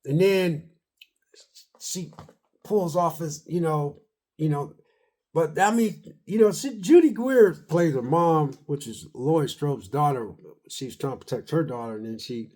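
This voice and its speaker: A man with a somewhat high-pitched voice recaps a horror film in a loose, rambling way. He quotes his own reactions while watching and leans on casual slang throughout. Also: unhurried. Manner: rambling, animated retelling with slang and self-quotes. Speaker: movie reviewer.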